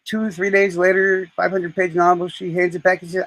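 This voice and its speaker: Male streamer, casual chat; rough, husky voice, rambling delivery. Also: sits high, steady tone, fast talker, hardly any pauses, a bit bright, low-quality recording. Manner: rambling, profane storytelling.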